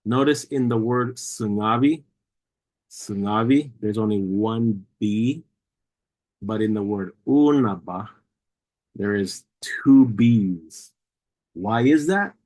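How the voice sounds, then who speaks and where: A man with a lowish voice teaches a language class at an unhurried pace. He explains sounds carefully and says each word over and over so learners can copy it. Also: a little mellow, poor audio. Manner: slow, patient, repeats words for pronunciation. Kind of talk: language lesson.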